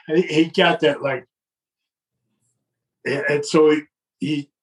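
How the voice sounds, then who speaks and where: The mic sits at a distance from this older man, whose voice is on the high side and slow. As a guest he relates a long wrestling tale in casual conversation, performing the quoted lines with chuckles throughout.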